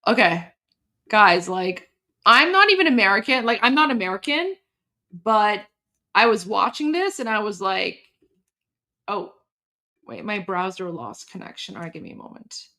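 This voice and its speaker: A woman's voice: medium pitch, sing-song, moderate pace, long pauses, bright, forceful tone. A woman hosting a casual livestream, talking in an emotional, rambling way that breaks off and restarts often. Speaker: livestream host. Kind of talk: casual live-stream chat.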